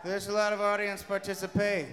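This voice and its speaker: Comic frontman, high voice, rambling and profane live banter, echoing hall. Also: completely flat delivery, fairly quick. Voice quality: profane, rambling, shouting bursts. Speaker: comedy band frontman. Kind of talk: loose stage banter and storytelling. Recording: live hall reverb, faint noise.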